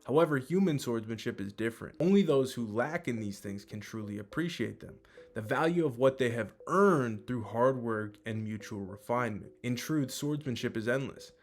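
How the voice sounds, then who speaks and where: A man's voice: medium pitch, animated, normal speed. A man reading the lines of an earnest, humble male sword god from a manga, in a plain voice. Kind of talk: reading manga dialogue aloud.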